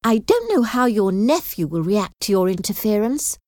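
A woman's voice: mid-range voice, measured pace, dark tone, dry recording, studio quality, pitched above the performer's own voice, lightly acted. A woman reading aloud voices a spirited young woman who speaks earnestly and firmly. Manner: firm, earnest.

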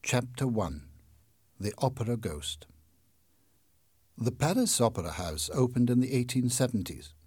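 A man reading a novel aloud as an audiobook narrator, in measured, clear storytelling. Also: medium pitch, big pitch swings, a little mellow. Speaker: audiobook reader. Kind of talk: scripted narration.

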